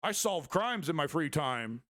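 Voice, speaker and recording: A man's voice: fairly high pitch, big pitch swings, a little slow, fairly bright tone, dry recording, clean studio sound. A man mocking a smug, bossy zealot. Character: smug preachy male zealot, self-important and bossy.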